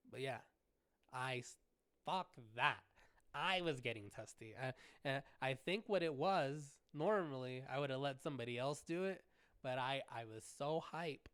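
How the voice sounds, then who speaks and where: A man hosting a podcast, telling an animated story with heavy cursing and frequent restarts. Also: medium pitch, smooth, no echo. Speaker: podcast host. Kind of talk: casual solo storytelling.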